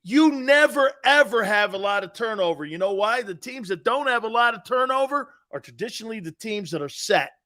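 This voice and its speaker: A man's voice: high-pitched, expressive, a little fast, few pauses, sharp tone. A middle-aged man, a former player turned sports talk host, giving blunt, emphatic opinions and calling the listener "dude".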